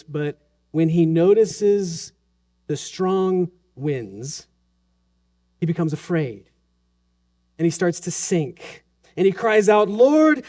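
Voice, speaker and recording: A man in his thirties preaching a Sunday sermon as pastor in a church, earnest, dropping to a hush and then rising with urgency. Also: on the high side. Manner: earnest, swings from hushed and soft to raised and urgent. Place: church sanctuary during a Sunday service.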